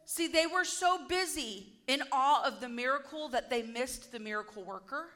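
A woman with a high, bright voice delivers a sermon in a chatty, storytelling way. She slips into quick little character voices for the people in the story. Her tone stays conversational and easy. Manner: lively storytelling, acting out quoted lines. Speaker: preacher.

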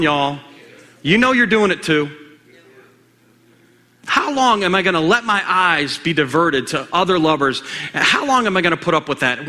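A man preaching a sermon in an animated, conversational way, firing rhetorical questions at the congregation. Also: on the high side, in a large hall.

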